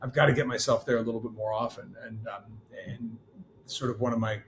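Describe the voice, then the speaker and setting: A man's voice: fairly low pitch, steady tone, brisk, slight background noise. A man as a guest in a casual interview, talking in a rambling, enthusiastic way with many restarts.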